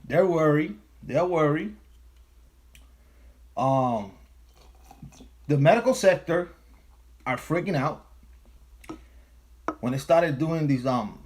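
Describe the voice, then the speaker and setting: On a casual livestream, a US host swears emphatically and says things over again to drive them home. He has a medium-pitched, somewhat mellow voice.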